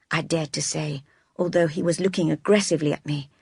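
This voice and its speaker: A woman narrating a story in the first person as an audiobook, in a measured, gentle and earnest way. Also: low-pitched, fairly even intonation, gravelly, husky, no room sound, clean studio sound.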